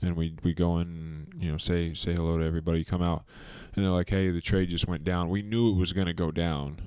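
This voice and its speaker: A man's voice: deep voice, flat delivery, fairly quick, dark tone, clean tone, no room sound. A young man, a basketball player guest, telling stories in a laid-back podcast chat full of fillers.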